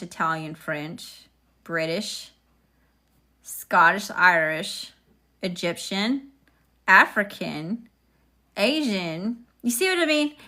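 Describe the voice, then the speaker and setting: A woman's voice: medium pitch, pushed and bright. Sassy woman reading tarot. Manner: sassy, chatty, talks to viewers. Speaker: tarot reader. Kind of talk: casual live-stream tarot reading.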